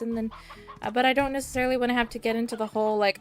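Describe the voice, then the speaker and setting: A woman's voice: high-pitched, fairly quick, fairly bright tone, clean tone, faint music behind. A young woman streaming a video game, chatting casually and rambling, with sudden squeals at the game. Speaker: VTuber streamer. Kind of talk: casual gameplay chat.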